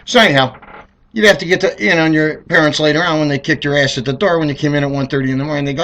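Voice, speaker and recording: A middle-aged man telling comedic stories in a rambling, animated way, acting out voices. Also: fairly high pitch, racing. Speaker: car dealer telling stories. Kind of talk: comedic monologue.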